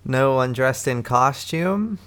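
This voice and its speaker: A man's voice: mid-range voice, expressive, slow pace, fairly bright tone, slight background noise. A man hosting and editing a casual podcast, joking playfully with his co-hosts. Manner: playful, jokey, laughs easily. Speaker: podcast host and editor.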